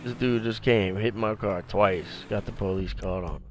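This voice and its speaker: A man's voice: lowish voice, moderate pace, slight background noise. A man giving casual, slangy, laid-back commentary while playing a video game. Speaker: gameplay commentator.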